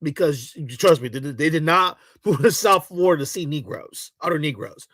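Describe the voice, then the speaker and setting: A man's voice: a little high, expressive, moderate pace, fairly bright tone, dry recording, clean studio sound. A man giving casual reaction commentary in a blunt, mocking, exasperated way.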